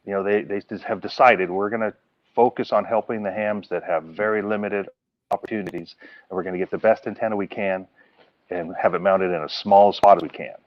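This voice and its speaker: A man's voice: on the low side, fairly quick, no echo, dull audio. A man guest, chatting casually about antennas and telling stories with lots of voice play. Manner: animated storyteller acting out phone calls. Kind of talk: casual chat, storytelling.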